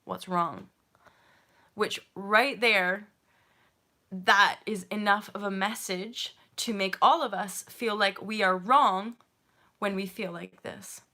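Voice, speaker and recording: Bright-voiced woman in her thirties, expressive. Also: medium pitch, slow. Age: 30s. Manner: expressive, laughing often, swearing casually. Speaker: yoga and meditation teacher, channel host. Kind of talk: emotional casual talk to camera.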